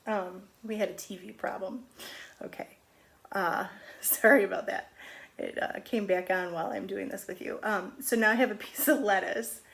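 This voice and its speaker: A middle-aged woman teaching a phonics lesson on video at home, stretching out letter sounds slowly and patiently. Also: mid-range voice, fairly even intonation, vocal fry, fairly bright tone. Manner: slow, drawn-out sounding of letters. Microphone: camera on video.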